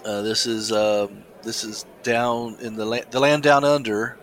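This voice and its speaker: A man's voice: on the low side, steady tone, fairly bright tone, poor audio. A man co-hosting a casual talk show, chatting with many restarts and reading a news story aloud. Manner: halting, many restarts and fillers. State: coughing, something in windpipe. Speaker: podcast co-host.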